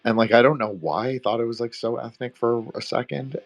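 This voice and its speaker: A man's voice: medium pitch, fairly even intonation, brisk. A young man from Canada, co-hosting a podcast roundtable in a rambling, profane, filler-heavy casual chat. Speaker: podcast co-host.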